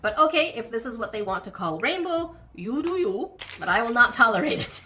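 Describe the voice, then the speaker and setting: Brief: woman vlogger, fairly high, bright tone, chatty and playful unboxing. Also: big pitch swings, a little fast, soft background music. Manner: chatty, playful, mock-indignant. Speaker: miniature crafting vlogger. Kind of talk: unboxing voice-over.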